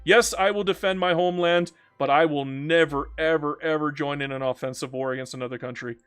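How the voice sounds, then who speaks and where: A Canadian strategy game streamer chats casually while reading out viewer comments and answering them bluntly and ramblingly, shifting between animated and subdued. His voice is smooth, a little high and brisk.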